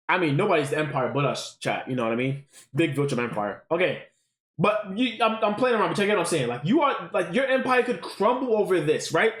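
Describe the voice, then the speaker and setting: Lively high-voiced man streaming with echo. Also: moderate pace. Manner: animated, keeps checking in with 'right?', swears freely. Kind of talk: casual live-stream commentary to chat. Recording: roomy echo.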